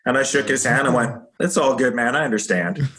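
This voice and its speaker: Bright-voiced man telling fight stories. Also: mid-range voice, brisk. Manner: animated storyteller acting out quoted voices. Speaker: guest, former pro fighter. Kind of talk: casual storytelling.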